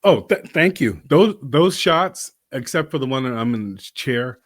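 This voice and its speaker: A man's voice: medium pitch, animated, unhurried, dry recording, clean studio sound. A man from Boston, an actor guest telling stories in a casual interview, rambling and laughing often.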